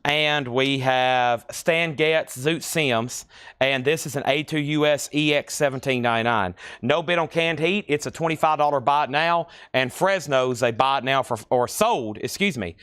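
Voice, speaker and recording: Smooth-voiced man calling a live record sale. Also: medium pitch, a bit bright, no echo, studio quality. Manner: rapid listing of prices and conditions, chatty asides. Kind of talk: live record auction patter.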